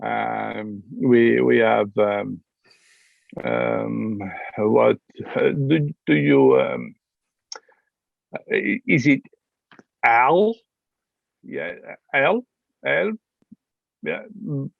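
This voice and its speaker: A man voicing a pompous, hesitant duke who speaks haltingly. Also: medium pitch, big pitch swings, vocal fry, no echo, phone-quality sound, voice pushed down, exaggerated voice. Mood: haughty. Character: pompous foreign-accented duke, male, middle-aged.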